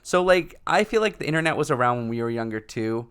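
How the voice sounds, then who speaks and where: A man's voice: mid-range voice, fast, clear, resonant tone. A young man co-hosting a podcast in casual chat, talking loosely with lots of fillers and frequent laughs. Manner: laughs often, filler-heavy, animated. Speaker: podcast co-host.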